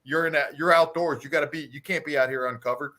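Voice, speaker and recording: A former Marine guest tells barracks prank stories on a livestream, swearing freely and laughing along. His voice is mid-pitched with a bright, forceful edge. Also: fairly even intonation, fast talker. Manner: profane, laughing storyteller. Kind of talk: casual livestream chat.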